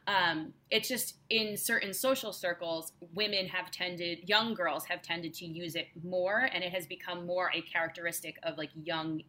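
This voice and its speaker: A woman's voice: lowish voice, fairly even intonation, moderate pace, few pauses, pushed and bright. A young adult woman, a guest linguist, explaining things casually and patiently on a podcast, often adding "like" and "right?".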